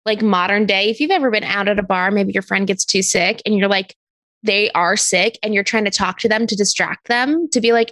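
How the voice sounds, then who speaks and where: A woman's voice: medium pitch, brisk, fairly bright tone, no echo. A woman co-hosting a podcast in casual chat, laughing often and acting out what others said. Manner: laughs often, acts out quotes. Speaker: podcast co-host.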